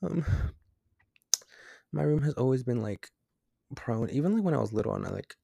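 A man's voice: mid-range voice, lively intonation, normal speed, gravelly, dark tone, no room sound. A young man hosting a casual solo podcast from his bedroom late at night, rambling and jumpy with lots of fillers, scared and tired. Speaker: podcast host. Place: bedroom at home.

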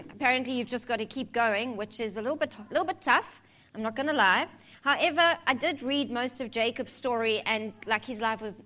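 A woman's voice: fairly high pitch, fairly bright tone. A woman preaching a sermon in a candid, conversational way, mixing humor with scripture.

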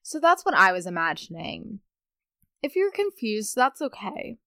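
A woman's voice: medium pitch, sing-song, a little slow, sharp tone, dry recording, studio quality. A young adult woman hosting a casual solo podcast, chatting in a rambling way with playful asides. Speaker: podcast host.

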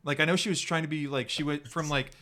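A man chatting on a podcast with a bright, forceful tone that sits a little higher than average. He keeps dropping dry one-liners and short yeahs while the others talk. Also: fairly even intonation, quick pace. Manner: wry quips, frequent agreeing interjections. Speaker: podcast co-host. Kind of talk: casual chat.

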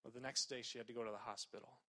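Guy preacher, bright tone, chatty storytelling w lots of ums. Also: medium pitch, steady tone, very fast. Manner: conversational, with many fillers and restarts. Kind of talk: sermon storytelling.

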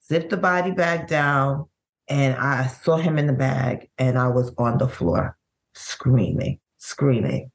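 A middle-aged woman, a bereaved mother, telling her story in an interview, with halting, vivid recounting and many restarts. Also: rumbling low. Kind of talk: emotional personal storytelling.

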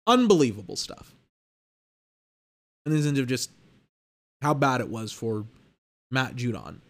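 A man's voice: high-pitched, lively intonation, normal speed, pauses often, fairly bright tone. A young man hosting a sports podcast, talking in a casual, blunt monologue with exasperated, slangy rants. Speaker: podcast host.

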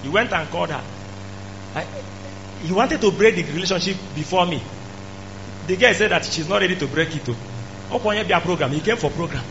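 Male preacher, high-pitched and emphatic; muffled lo-fi recording. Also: fairly quick, long pauses. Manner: emphatic, rising to shouts. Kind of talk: sermon. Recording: dull lo-fi recording with faint hum.

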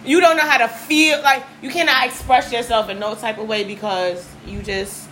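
Woman, casual chat, blunt and animated, fairly high voice, faint background noise. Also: moderate pace, low-quality recording. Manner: animated, blunt, swears freely.

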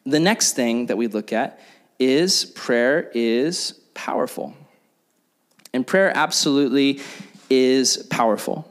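A young male preacher gives a casual, chatty sermon full of fillers, playfully acting out prayers in silly voices. His voice is mid-range and expressive, and he speaks slowly.

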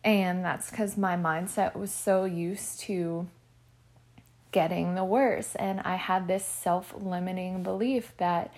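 A young woman telling a personal story in a vlog, chatty and animated, with "like" in nearly every sentence. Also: medium pitch. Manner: chatty, fills speech with "like"; animated and emotional while retelling. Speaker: vlogger.

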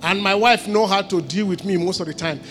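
Male pastor, middle-aged, high bright voice, emphatic and playful preaching, faint music underneath. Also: fairly quick. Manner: emphatic preaching with call-and-response questions; laughs and jokes between points. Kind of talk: sermon. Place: church service.

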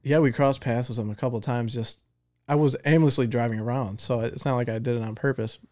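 A young man co-hosting a podcast, blunt and brief in casual chat, often clearing his throat. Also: mid-range voice, fairly even intonation, a little fast, a little mellow, no echo, clean studio sound. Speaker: podcast co-host.

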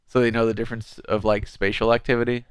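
A man co-hosting a comedy podcast, chatting and telling rambling stories with quick jokes. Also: mid-range voice, level tone, clear, resonant tone, no room sound. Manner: joking, rambling storyteller with quick asides. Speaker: podcast co-host. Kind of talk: casual comedic chat.

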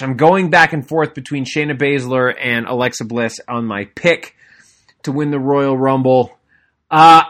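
Young guy podcast host, mid-pitch, excited rambling wrestling recap, lots of ums and restarts. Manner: enthusiastic, rambling, frequent fillers and restarts. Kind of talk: casual wrestling recap monologue.

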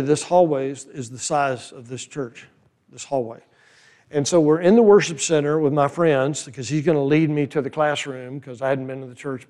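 An older man preaching a sermon in a folksy, animated way, full of rhetorical questions to the crowd. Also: a little high. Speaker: conference speaker.

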